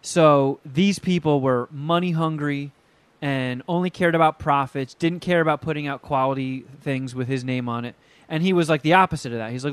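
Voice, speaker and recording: Casual podcast co-host, male, fairly high voice, swears freely, acts out the people he quotes. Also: normal speed, clear, resonant tone, dry recording. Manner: profane, animated storytelling with acted quotes. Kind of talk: casual chat.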